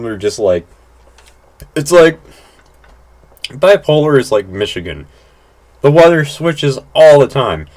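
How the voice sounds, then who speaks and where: A man in mid-pitch giving loose, off-the-cuff commentary over gameplay. He rambles, restarts his sentences, fills gaps with "like" and swears without fuss. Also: very animated, unhurried, darkish tone. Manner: blunt, swears casually. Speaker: gaming channel host.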